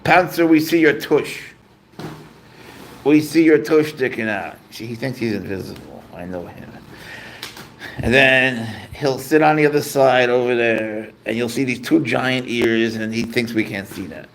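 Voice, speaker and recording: A man's voice: mid-range voice, measured pace, a little hiss or hum. A man hosting a casual livestream, chatting easygoing and rambling while he answers viewer comments. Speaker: livestream host and pet owner.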